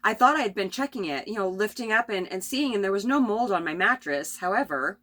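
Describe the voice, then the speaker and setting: A middle-aged woman rambling through a spontaneous spiritual vlog from her RV, tired and coughing, with many restarts and soft laughs. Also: mid-range voice, animated, a little fast. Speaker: vlogger. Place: at home in an RV.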